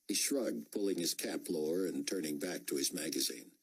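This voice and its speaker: A man narrating an audiobook in a measured storytelling manner. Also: extremely low pitch, animated, gravelly, breathy edge, poor audio. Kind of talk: scripted narration.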